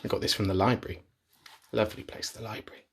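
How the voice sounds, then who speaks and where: A man reading a picture book aloud to children in a playful, animated way, sometimes dropping to a whisper. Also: on the low side, fast talker, gravelly. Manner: animated, playful, drops to whispers for gross bits. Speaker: children's storyteller. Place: office.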